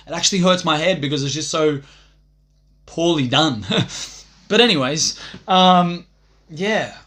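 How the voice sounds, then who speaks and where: A man's voice: fairly high pitch, fairly bright tone. A young man ranting on a livestream, boastful and profane, rambling from one thought to the next.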